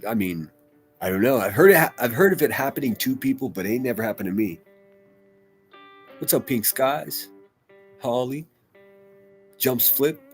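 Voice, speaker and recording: A man hosting a casual livestream, reading chat comments aloud and rambling in a loose, profane way. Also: medium pitch. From United States. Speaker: livestream host.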